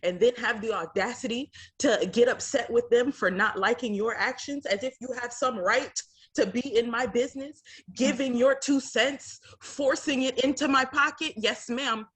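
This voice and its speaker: A woman with a slightly high, husky voice, co-hosting a casual reaction show. She talks in an outspoken, opinionated way and drops plenty of slang. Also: moderate pace, a bit bright. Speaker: co-host of a reality TV reaction show. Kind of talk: casual chat reacting to a TV episode.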